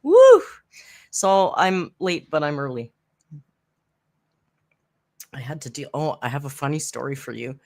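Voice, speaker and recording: A woman from Canada hosting a casual live stream from home, chatty and laughing often as she tells stories with dark humor. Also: a bass voice, a little slow, gravelly, pauses often. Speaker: YouTube commentary host. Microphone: headphones with desk mic.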